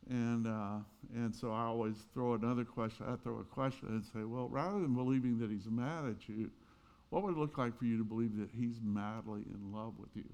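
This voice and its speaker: A man's voice: mid-range voice, fairly quick, a little mellow. A man in his sixties preaching a sermon in a conversational way, rising now and then into emphatic peaks. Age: 60s. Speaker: pastor.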